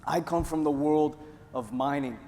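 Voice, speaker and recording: A man from Northeast Pennsylvania giving a jokey, energetic conference talk to a live audience. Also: on the high side, unhurried. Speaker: conference presenter. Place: large conference hall. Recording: hall reverb, faint room noise.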